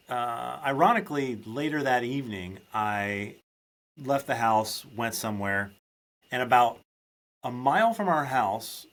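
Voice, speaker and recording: A man's voice: medium pitch, a bit bright. A man hosting a solo podcast, talking in a rambling, chatty way with lots of restarts and a grumpy, joking edge when he rants. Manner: chatty, rambling, frequent restarts and self-interruptions; grumpy humorous ranting. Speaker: podcast host.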